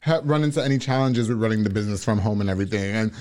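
A man's voice: fairly low pitch, very fast, darkish tone. A man hosting a podcast interview, chatting casually and switching between English and Spanish, laughing often. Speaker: podcast host.

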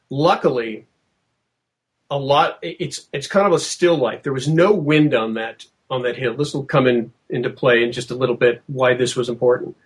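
A middle-aged man recounting an eerie encounter for a podcast, vivid and animated. He acts out the voices of the people in his story. His voice sits at an ordinary middle pitch. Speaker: podcast guest.

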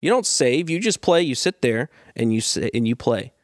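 A man's voice: mid-range voice, very animated, no room sound, studio quality. A man co-hosting a podcast, chatting casually and chiming in easily. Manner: easygoing, quick to agree and chime in. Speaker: podcast co-host.

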